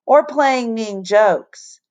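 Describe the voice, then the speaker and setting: A woman reads aloud as a strict but kindly male fourth-grade teacher who lectures his class in a firm, measured voice. His tone is even and schoolmasterly, and the scene comes from a children's storybook read aloud. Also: on the high side, muffled recording, pitched above the performer's own voice. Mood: stern.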